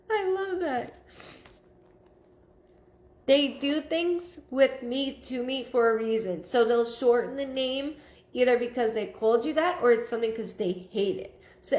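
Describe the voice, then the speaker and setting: A woman giving a live psychic reading, relaying messages in a halting way with many fillers. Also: on the high side, darkish tone, echoey room. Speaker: psychic medium.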